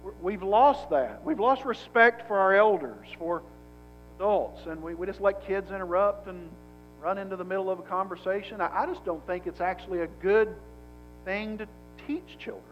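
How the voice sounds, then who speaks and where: A man preaches with a notably high voice, talking to his congregation in a casual, emphatic way and doubling back on words as he goes. The recording sounds dull and lo-fi, with soft guitar playing behind him. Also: normal speed. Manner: conversational, emphatic, repeats words as he restarts. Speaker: pastor. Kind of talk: sermon.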